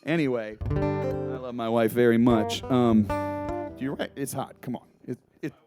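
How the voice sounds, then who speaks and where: A man's voice: mid-range voice, steady tone, unhurried. A guitarist and songwriter rambling through stage banter, joking and restarting his sentences between songs at a live club show. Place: small live music club. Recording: live club recording with music.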